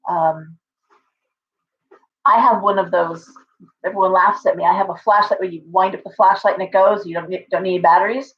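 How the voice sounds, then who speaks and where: A woman's voice: mid-range voice, lo-fi sound. A woman hosting a casual livestream from home, chatting in a rambling way with viewers and her pet bird. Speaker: livestream host and tarot reader.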